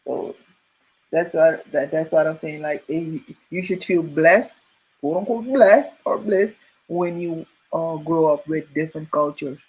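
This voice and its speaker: A woman from Suriname, chatting as a guest and telling stories in an animated way, laughing often and saying "you know" a lot. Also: low voice, unhurried, breathy edge, poor audio. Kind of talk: casual storytelling chat.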